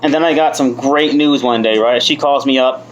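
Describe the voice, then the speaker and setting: A man's voice: mid-range voice, steady tone, moderate pace, lo-fi sound, slight background noise. A man in his thirties from the United States, giving a candid personal testimony at a recovery meeting. He mocks himself and swears freely. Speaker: speaker sharing his story at a recovery meeting.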